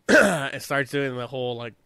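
A man's voice: mid-range voice, expressive, unhurried, vocal fry, bright, forceful tone, clear, resonant tone, no echo. A young man from California telling a profane, laughing anecdote in a casual chat.

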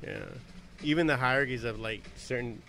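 A man's voice: medium pitch, moderate pace, bright, forceful tone, faint music behind. A man hosting a podcast in loose casual chat, rambling with many fillers and swearing freely. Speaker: podcast host.

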